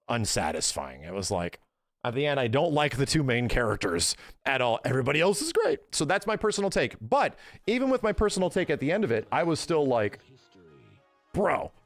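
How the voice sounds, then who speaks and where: Give me a man in his thirties streaming live, opinionated and rambling, with a very animated voice. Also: medium pitch, no room sound, studio quality. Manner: rambling, opinionated, swears casually. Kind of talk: casual live-stream chat.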